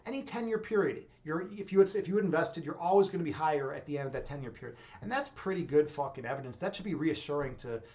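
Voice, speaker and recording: A man's voice: fairly high pitch, expressive, a little mellow. A young man from the United States hosting a livestream, chatting casually and reading viewer comments in an intense, rambling way with lots of fillers and swearing. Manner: intense, rapid, rambling with many fillers and profanity. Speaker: livestream host.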